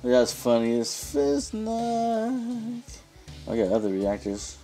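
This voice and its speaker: A man's voice: medium pitch, very animated, takes it slowly, warm tone, faint music behind. A man hosting a reaction video, talking casually and reading viewer comments aloud. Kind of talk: casual chat.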